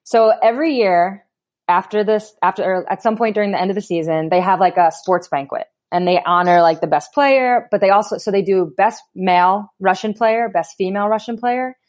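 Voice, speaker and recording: A woman's voice: mid-range voice, a little fast. A woman guest on a podcast, telling a story casually with laughs and acted-out quotes. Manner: animated anecdotes with laughs and quoted voices. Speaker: guest, pro basketball player.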